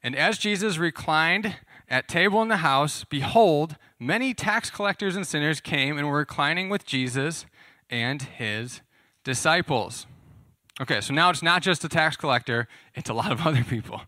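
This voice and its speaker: A man's voice: on the high side, lively intonation, moderate pace, sharp tone, no room sound, clean studio sound. A man preaching a casual, conversational sermon, explaining scripture and asking his listeners questions. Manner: conversational, asks the audience questions. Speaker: pastor. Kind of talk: sermon teaching.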